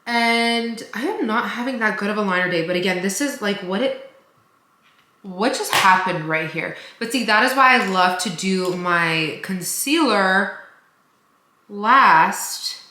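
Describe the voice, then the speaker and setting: A woman's voice: mid-range voice, measured pace, bright, forceful tone, roomy sound, slight background noise. A woman chatting casually while doing her makeup in a get-ready-with-me vlog, rambling with lots of fillers. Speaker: beauty vlogger.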